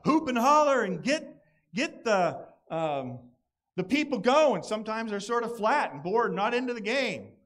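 Man, high-pitched voice, pastor, sermon, animated preaching, playful quoting. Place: church gathering outdoors.

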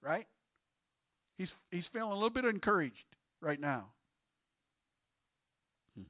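A man with a fairly high voice preaches a sermon in a loose, chatty way, quizzing his listeners as he goes. The recording sounds dull and lo-fi, dry with no room echo. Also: expressive, a little slow. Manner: conversational, quizzes the congregation with questions. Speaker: pastor.

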